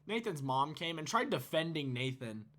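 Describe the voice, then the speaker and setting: A man's voice: fairly high pitch, big pitch swings, moderate pace, a bit bright. A teenage man telling a storytime vlog, casual and profane, rambling and laughing. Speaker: YouTuber.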